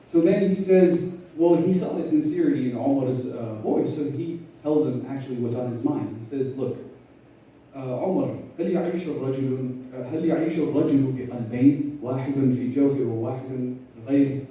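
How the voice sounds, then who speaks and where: Brief: male lecturer, lively storyteller, dark mellow voice, roomy hall sound from a distance. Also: mid-range voice, fast. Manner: animated storyteller, acts out dialogue, laughs often. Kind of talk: lecture retelling history in casual slang. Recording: echoey hall, mic at a distance.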